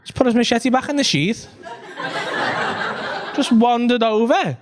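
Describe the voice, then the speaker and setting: Animated comedian, high voice. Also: male voice, measured pace, crowd noise. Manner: animated, swearing, laughs at his own story. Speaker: stand-up comedian. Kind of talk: stand-up storytelling. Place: comedy club stage.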